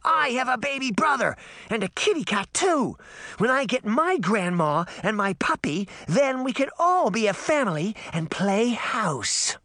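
A man's voice: extremely high pitch, sing-song, unhurried, sharp tone, dry recording, clean studio sound, voice pushed up, heavily acted. A man voicing a demented little girl who shrieks and talks in a sing-song way, in an audiobook. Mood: shrill. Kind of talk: audiobook character voice.

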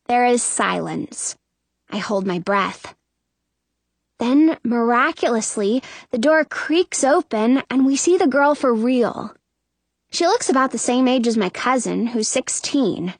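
A woman narrating a children's storybook in first person, expressive and in the voice of a young girl. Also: on the high side, a little slow, no room sound. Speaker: audiobook narrator.

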